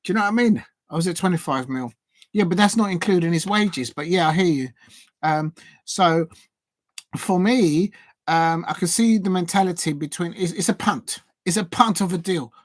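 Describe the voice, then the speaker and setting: A man hosting a live football watch-along, talking through viewers' comments in a rambling way, full of fillers and restarts. His voice sits a little high and the sound is dry and close, with no room around it. He breaks off now and then to shout at the action. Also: normal speed, no room sound. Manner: sudden excited shouts at match action.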